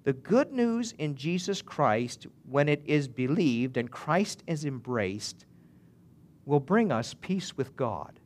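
A man preaching a sermon with a voice pitched a little higher than most men. He speaks earnestly, restarts his phrases often, and builds into emphatic swells as a pastor to his congregation. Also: very animated, takes it slowly.

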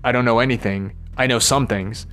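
A man talking through his frustrations in a rambling personal monologue, weary and halting, with frequent swearing. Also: medium pitch, fairly even intonation, fairly bright tone. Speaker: vlogger.

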